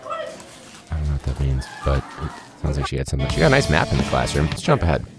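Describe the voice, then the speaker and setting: A man's voice: rumbling low, fast talker, loud music behind the voice. A young man, a teacher hosting a podcast, talking casually and animatedly, joking and mimicking others. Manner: animated, jokey, mimics people in a loud voice.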